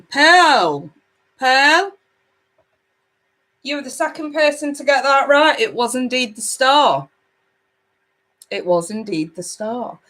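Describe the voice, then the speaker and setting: A woman's voice: medium pitch, a bit bright. A chatty woman hosting a live tarot reading. She talks casually and affectionately to her viewers, calling them babe and sweetheart as she reads out their comments. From United Kingdom. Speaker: tarot reader hosting a livestream. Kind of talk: casual livestream chat.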